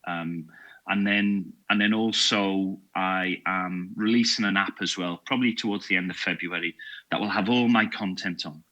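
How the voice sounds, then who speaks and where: A man's voice: deep voice, fairly even intonation, normal speed, sharp tone, highs cut off. A man, a podcast guest and security trainer, chatting casually in a jokey, self-deprecating way. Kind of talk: casual chat.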